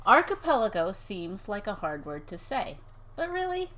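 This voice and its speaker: Woman, giggly, teasing, reading a picture book aloud, lively pitch. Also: normal speed. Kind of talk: casual live-stream reading.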